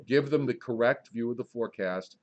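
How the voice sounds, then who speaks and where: A male meteorologist gives a casual public talk in a library presentation room. His voice sits at an ordinary middle pitch. He rambles a bit and restarts often, slipping in dry, wry jokes. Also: a little fast, dull audio.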